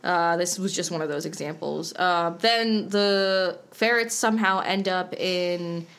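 A woman's voice: on the low side, measured pace, smooth. A woman co-hosting a casual podcast, chatting animatedly and finishing her partner's thoughts. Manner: chatty, animated quoting, fills in partner's points. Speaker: podcast co-host. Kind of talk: casual recap chat.

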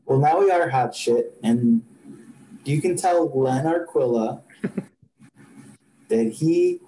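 A man's voice: mid-range voice, takes it slowly, warm tone, slight background noise, poor audio. A man co-hosting a podcast, chatting casually about baseball in a rambling, filler-heavy way. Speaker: podcast co-host. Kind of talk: casual sports chat.

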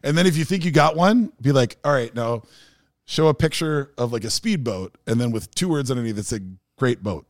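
A man's voice: fairly high pitch, lively intonation, quick pace, few pauses, no echo, studio quality. A man hosting a podcast, telling rambling stories in casual chat with lots of fillers. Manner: rambling storyteller, many fillers. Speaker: podcast host.

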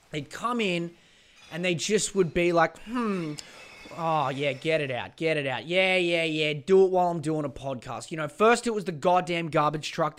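A man hosting a podcast, ranting in a sweary, exasperated, rambling way. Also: a little high. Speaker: podcast host. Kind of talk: casual rant.

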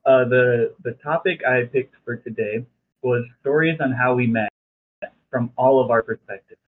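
A man's voice: mid-range voice, steady tone, moderate pace. A young man, a podcast co-host, talking in a laid-back way on a casual chat show. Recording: tinny phone-like sound with faint hiss.

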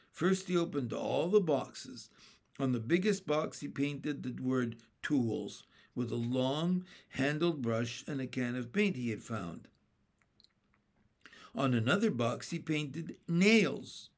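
A man reading a children's chapter book aloud in a steady, plain storybook narration. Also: mid-range voice, slow pace, creaky.

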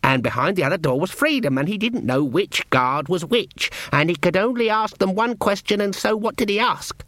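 A man doing a fussy, high-voiced young wizard. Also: animated, normal speed, few pauses, fairly bright tone, dry recording. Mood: earnest. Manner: high, eager, exasperated.

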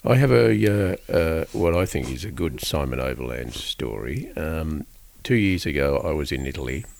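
A man co-hosting a podcast, telling stories in casual chat with lively acted-out quotes. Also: very deep voice, normal speed, creaky, no echo. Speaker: radio podcast co-host.

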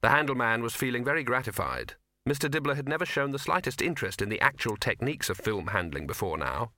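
A man narrating an audiobook in a measured storytelling manner, close to the mic. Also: mid-range voice, very animated, sharp tone, dry recording. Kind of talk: scripted narration.

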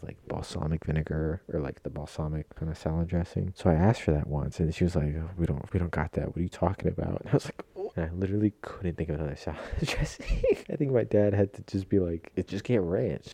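A young man talks alone into his mic at home, rambling through stories in a flat, monotone way, full of slang and swearing. His voice sits very low and dark, with a gravelly fry. The sound is dry and close. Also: no room sound. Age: young adult. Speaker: podcast host. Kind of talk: casual solo podcast chat.

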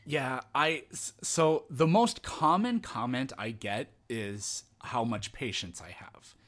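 A man chatting as a podcast guest, thoughtful and calm, often restarting his sentences. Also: medium pitch, takes it slowly. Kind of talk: casual conversation.

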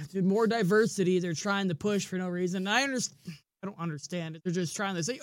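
A man's voice: high voice, moderate pace, no room sound, clean studio sound. A man co-hosting a racing podcast in casual chat, blunt and rambling, swearing freely. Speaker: podcast co-host.

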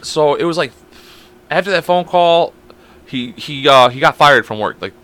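A man's voice: fairly high pitch, animated, normal speed, a bit bright. A young man co-hosting a casual podcast, telling rambling stories full of swearing and acted-out quotes. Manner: swearing storyteller, quotes people in raised voices. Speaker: podcast co-host. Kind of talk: casual chat.

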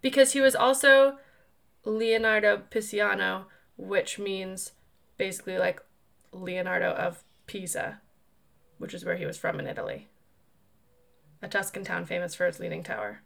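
A woman co-hosting a podcast in casual chat, playful and goofy, quick to joke. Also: medium pitch, vocal fry, fairly bright tone. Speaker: podcast co-host.

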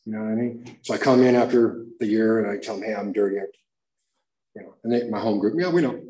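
A man telling his own recovery story at a meeting, slangy and animated, acting out the voices he quotes. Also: fairly low pitch, fast talker, roomy sound, low-quality recording.

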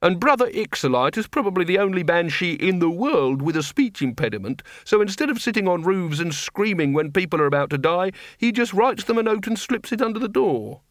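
A man voicing a huge male werewolf who speaks evenly and deliberately, with quiet menace. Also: high-pitched, no room sound, studio quality, pitched above the performer's own voice. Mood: menacing calm. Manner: even, deliberate threats.

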